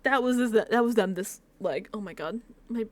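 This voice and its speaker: Rambling, animated young woman recapping a show. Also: on the high side, normal speed. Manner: rambling, animated, swears freely, frequent restarts. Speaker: reality show recap host. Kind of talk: casual reaction recap. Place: home room. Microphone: close desk mic.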